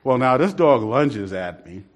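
A man's voice: medium pitch, very animated, unhurried. A man telling a rambling church story in a casual, laughing way. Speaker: church member telling a testimony.

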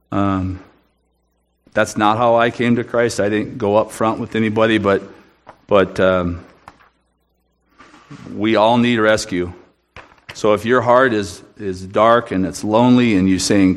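A man's voice: lowish voice, fairly even intonation, measured pace, long pauses. A man giving an earnest, emphatic sermon testimony in a church room, often restarting his sentences. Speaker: guest speaker at a church.

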